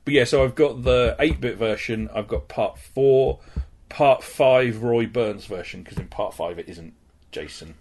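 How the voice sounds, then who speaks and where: A man's voice: medium pitch, unhurried, darkish tone. A man in casual chat, explaining his collection in detail.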